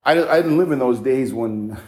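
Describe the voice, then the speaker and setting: A man's voice: medium pitch, moderate pace, darkish tone, reverberant. A man preaching an earnest, emphatic sermon, his voice climbing as he builds a point.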